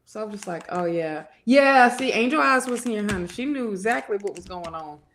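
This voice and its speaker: A woman reading tarot and hosting a casual live chat, lively and laughing often, sniffly with a cold. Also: medium pitch, normal speed, background noise. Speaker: tarot reader and show host.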